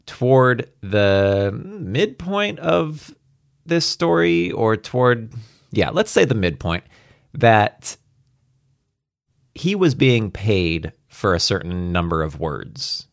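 Gravelly and medium in pitch, this man's voice is expressive yet extremely slow. Captured at studio quality without room sound, the audiobook reader narrates a science fiction tale before drifting into relaxed commentary full of fillers and laughs.

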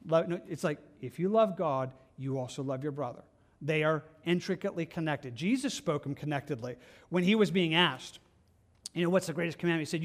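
A man's voice: fairly high pitch, brisk, a bit bright. A man preaching a conversational sermon as pastor, earnest and plainspoken, often asking his listeners questions.

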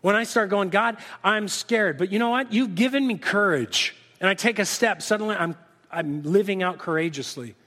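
A middle-aged male pastor preaching a sermon, acting out lively back-and-forth dialogues with God. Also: high voice, moderate pace. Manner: animated, acts out dialogue with God in different voices. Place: church sanctuary. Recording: reverberant church hall.

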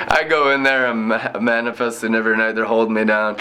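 A man in his thirties, an inner-city missionary, telling his personal faith testimony in an animated way and often laughing. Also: mid-range voice, fast talker, hardly any pauses, slight background noise.

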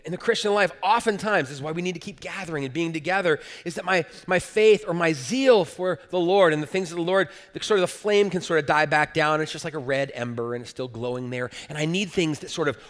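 A man preaching a sermon in an earnest, emphatic way. His voice sits a little high and trails off into the long reverb of a church sanctuary. He repeats words as he builds toward his points. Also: quick pace, hardly any pauses, a bit bright. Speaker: pastor.

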